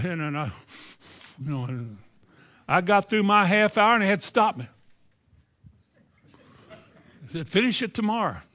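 A preacher tells a story from the pulpit, with a voice a little higher than most men's. He stammers on some words and starts lines over as he goes. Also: fairly bright tone. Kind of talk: sermon with personal testimony.

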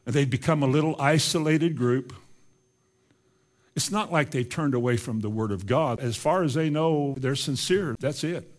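An older man preaching a sermon in a folksy, emphatic way, moving from quiet asides to loud insistence. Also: medium pitch, normal speed.

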